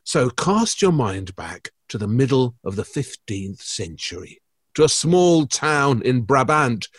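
Lively jokey male podcast host. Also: medium pitch, unhurried, breathy edge, dry recording, studio quality. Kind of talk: casual chat.

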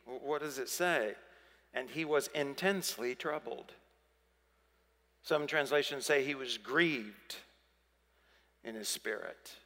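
A man's voice: mid-range voice, takes it slowly, long pauses, pushed and bright. A man preaching a sermon as pastor, emphatic and dramatic, acting out the voices of the people in his story. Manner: emphatic, acts out voices of biblical figures. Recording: preaching in a reverberant hall.

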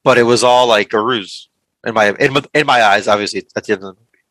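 A man's voice: fairly low pitch, fast talker, fairly bright tone, no room sound, rough recording. A man co-hosting a movie podcast, talking in a casual, hesitant way with lots of fillers and restarts. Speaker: podcast co-host. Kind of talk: casual movie review chat.

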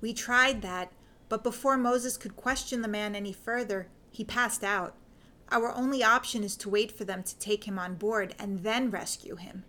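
A woman reading the lines of a brisk, teasing young lady detective in a fan fiction audiobook, sounding impatient and quick. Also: medium pitch, bright, forceful tone, natural voice.

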